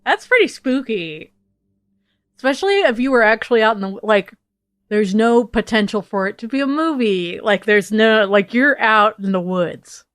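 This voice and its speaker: A woman's voice: a little high, animated, moderate pace, a bit bright, no echo, studio quality. A woman co-hosting a podcast, reacting playfully and joking in casual chat. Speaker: podcast co-host.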